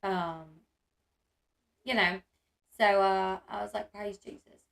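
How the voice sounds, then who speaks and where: A woman's voice: medium pitch, steady tone, slow, vocal fry, a bit bright. A woman, chatting casually on a livestream and reading her chat aloud, with lots of "like" and "um". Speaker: streamer.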